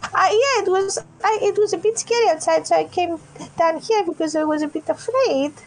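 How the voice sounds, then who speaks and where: Woman doing a scared lost little kid voice, high n pleading, tabletop game. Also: brisk. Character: scared lost little girl, wide-eyed.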